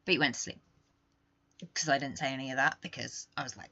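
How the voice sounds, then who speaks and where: A young woman hosting a podcast, talking candidly in a rambling, confessional way that swings between quiet and emphatic. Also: rumbling low, steady tone, fast, dry recording, lo-fi sound. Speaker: podcast host. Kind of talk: casual confessional monologue.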